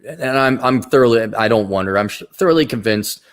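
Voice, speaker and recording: A man's voice: mid-range voice, expressive, brisk. A man hosting a casual livestream, reading out viewer donations and giving blunt, rambling opinions with frequent restarts.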